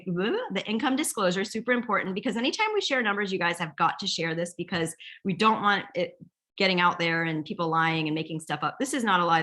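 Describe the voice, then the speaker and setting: A woman's voice: mid-range voice, sharp tone. A middle-aged woman leading a sales team, giving a chatty, rambling motivational training talk and telling stories. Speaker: direct sales team leader.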